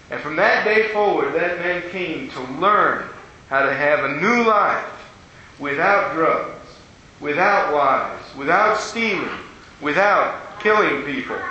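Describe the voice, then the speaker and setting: A man's voice: high voice, pushed and bright, slight background noise. A man preaching a sermon, telling a story in a folksy way and acting out the voices of the people in it. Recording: dull, echoey hall with faint ambience.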